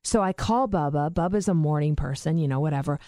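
A woman's voice: brisk, no echo, clean studio sound. A woman telling a funny family story in casual chat, acting out the quotes. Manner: animated, acts out quotes with big pitch jumps.

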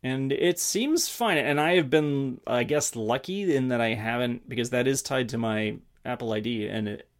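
A man's voice: medium pitch, normal speed, hardly any pauses. A man co-hosting a podcast, chatting casually and hesitantly, with many fillers and trailing sentences. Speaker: podcast co-host. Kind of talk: casual tech chat.

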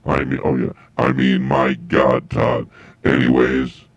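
A man imitating a deep-voiced, gruff male comedy club doorman, with a deadpan, insulting manner. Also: slow pace, dry recording, muffled recording, exaggerated voice. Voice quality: deep, gravelly.

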